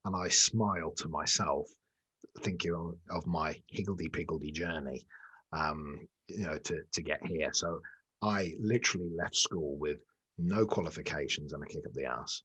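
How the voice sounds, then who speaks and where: A man's voice: rumbling low, moderate pace, fairly bright tone, breathy edge, dry recording. A middle-aged man, an executive coach being interviewed over a remote call, talking in a jokey, self-deprecating, rambling way. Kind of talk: conversational interview.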